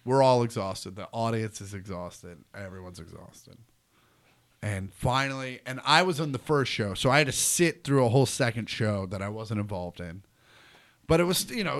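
A man, a comedian guest, telling a story in casual chat and acting out quotes loudly. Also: mid-range voice. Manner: animated, acts out quotes loudly.

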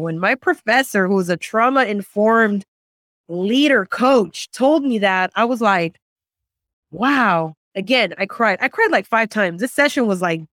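A woman's voice: medium pitch, a bit bright, no echo. A woman with an ordinary mid-range voice chats as a podcast guest. She tells stories with a lot of energy, acts out the voices of the people she quotes and swears freely. The recording is dry and close. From Central American family, raised in US. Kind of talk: casual conversational storytelling.

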